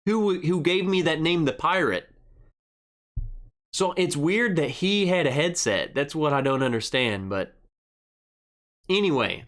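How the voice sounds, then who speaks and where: A man's voice: fairly high pitch, a bit bright. A young man hosting a casual live stream, rambling through an army story and reading viewer comments aloud. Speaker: livestream host.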